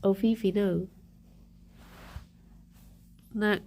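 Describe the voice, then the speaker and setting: A woman's voice: medium pitch, fairly even intonation, drawn-out words, long pauses, darkish tone. A woman live-streaming and chatting casually with her viewers, laughing often and talking to her pets. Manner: giggly, chatty, talks to pets and chat.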